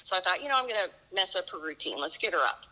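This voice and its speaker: A woman's voice: lowish voice, expressive, fast talker, sharp tone, low-quality recording. A middle-aged woman earnestly recounting a personal story, acting out the dialogue. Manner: earnest, vivid retelling with quoted dialogue. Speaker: guest telling her story.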